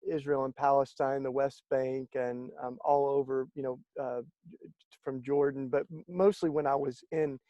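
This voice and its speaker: A man, a guest in an interview, telling stories in a lively conversational way and acting out the voices of the people he quotes. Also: mid-range voice, moderate pace, no room sound, highs cut off. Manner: animated storyteller, acts out quoted speech. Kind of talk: conversational storytelling.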